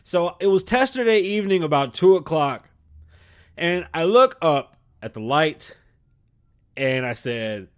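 A man hosting his own show in a casual comedic monologue. He is profane and rambling, and swings between loud outbursts and muttered asides. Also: a little high, animated, a little slow. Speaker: podcast host.

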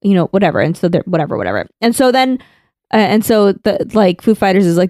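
A woman's voice: mid-range voice, animated, fast, darkish tone, no room sound, clean studio sound. A woman co-hosting a casual chat about an anime, talking with many fillers and restarts and laughing often. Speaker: podcast co-host.

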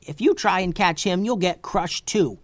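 A man voicing a young witch in a story, shouting urgent warnings in a raised voice above his own. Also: lowish voice, normal speed, voice pushed up, close to an everyday voice. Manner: urgent, shouting over battle. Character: young witch fighting alongside the heroes.

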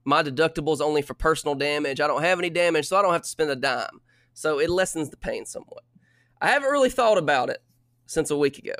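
A young man telling a story in casual chat, animated and exasperated. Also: a little high, fast, dry recording, clean studio sound.

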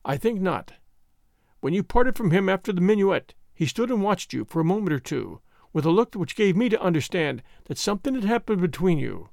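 A man voicing a cunning male spy who speaks quietly and placidly, with dry sarcasm. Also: high-pitched, sing-song, brisk, creaky, no room sound, full character voice. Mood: coolly sarcastic.

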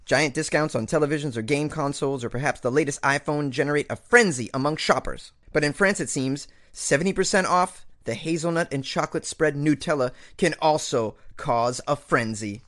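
A man's voice: fairly high pitch, a bit bright. A male host reading quirky news stories aloud and breaking off into sarcastic, joking commentary. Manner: reads headlines then riffs with sarcastic, jokey asides.

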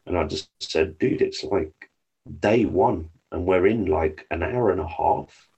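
An Englishman from the United Kingdom, on a podcast as a guest, relates lively hunting anecdotes in casual talk and swears freely along the way. His low voice is gravelly and husky, and his pace is measured.

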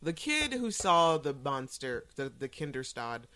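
A woman's voice: low voice, very animated, unhurried, sharp tone. A woman co-hosting a podcast in casual chat, retelling scenes animatedly and laughing often. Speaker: podcast co-host.

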